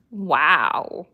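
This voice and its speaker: A woman's voice: low-pitched, slightly rough, narrow, tinny audio. A woman hosting a casual livestream at home, chatting to viewers and talking fondly to her dogs. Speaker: livestream host.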